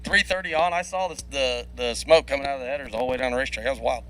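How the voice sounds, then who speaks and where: A man's voice: mid-range voice, fairly bright tone, smooth, low-quality recording. A man calling drag races live, rattling off dials and reaction times, laughing often between runs. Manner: quick play-by-play, laughs often. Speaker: drag racing commentator. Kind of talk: live race commentary. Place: racetrack broadcast booth.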